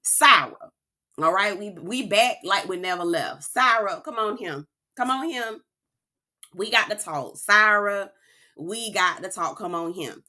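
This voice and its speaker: Sassy, bright-voiced woman recapping TV. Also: mid-range voice, unhurried. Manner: sassy, profane, keeps saying "girl"; animated, laughs often. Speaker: reality TV recap host. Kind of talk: casual recap commentary.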